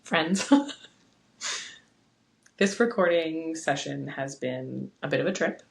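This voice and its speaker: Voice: mid-range voice, slow pace, gravelly, soft background music, poor audio. A young adult podcast host talking casually into a phone at home, giving an earnest, heartfelt pep talk.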